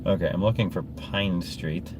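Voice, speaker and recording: A man's voice: deep voice, moderate pace. A man livestreaming while driving through a town, chatting to his viewers and talking to himself in a self-amused way. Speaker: livestreaming vlogger. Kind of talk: casual live-stream chatter while driving. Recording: noisy car interior. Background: road and engine noise.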